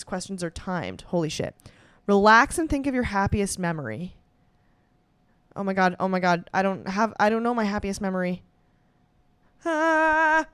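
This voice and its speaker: A young woman with a slightly high, clean voice and no echo chats casually on her own, reacting as she goes and swearing and laughing a lot. She's a comedian doing a quiz on camera.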